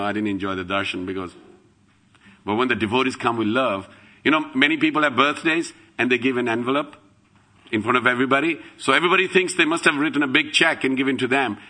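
A man giving a devotional talk to a congregation, telling anecdotes and acting out the people he quotes. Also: mid-range voice. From England. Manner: lively storytelling, acts out quoted voices, rises to loud chanting. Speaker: temple speaker.

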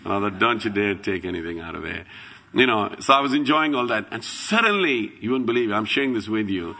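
A middle-aged man giving an animated devotional talk, swinging between loud exclamations and hushed asides, laughing as he tells stories. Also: fairly low pitch, fairly quick, gravelly. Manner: laughs while telling stories. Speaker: devotional speaker.

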